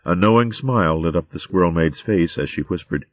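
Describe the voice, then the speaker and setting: A man narrating an audiobook in a steady, even storytelling voice. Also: deep voice, brisk, no echo. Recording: dry, slightly muffled recording.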